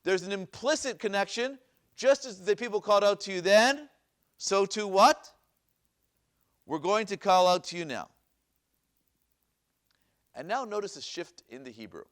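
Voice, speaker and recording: In a synagogue classroom, a rabbi teaches a Bible class, reading Hebrew verses aloud and asking his listeners questions, often repeating them. His voice is high, animated and fairly bright, at normal speed with frequent pauses.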